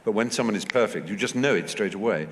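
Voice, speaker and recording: Articulate English man, fifties, low and animated; stage talk recorded with long hall reverb. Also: fast talker. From England. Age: 50s. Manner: anecdotal, animated, mimics voices in quotes. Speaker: festival speaker. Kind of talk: onstage talk with audience. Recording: hall reverb, faint noise.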